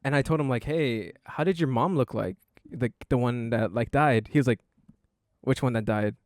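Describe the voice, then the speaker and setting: A man's voice: mid-range voice, moderate pace, no room sound, clean studio sound. A young man hosting a casual podcast, telling a story in a rambling way full of fillers. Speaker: podcast host.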